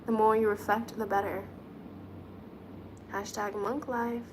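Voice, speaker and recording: A woman hosting a casual live stream, chatting and giggling while she does her nails and thinks out loud. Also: mid-range voice, flat delivery, a little slow, noisy background. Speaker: livestream host reading chat.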